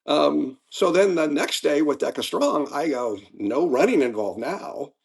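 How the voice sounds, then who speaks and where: A man in his seventies, a guest athlete in a casual interview, telling his stories in a lively way and acting out moments. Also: on the high side, measured pace, gravelly, breathy edge. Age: 70s. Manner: lively storyteller, acts out race moments.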